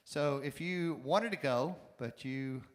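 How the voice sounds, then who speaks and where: A man making a casual community announcement, pausing on fillers. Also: on the high side. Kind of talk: spoken announcement. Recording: distant voice in a reverberant hall.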